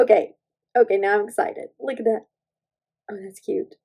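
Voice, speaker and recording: A woman's voice: medium pitch, steady tone, moderate pace, dark tone, breathy edge, low-quality recording. A woman, chatting casually through a nail stamping tutorial and gushing to her viewers as she works. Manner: bubbly, gushing, talks to viewers as "you guys". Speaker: beauty vlogger.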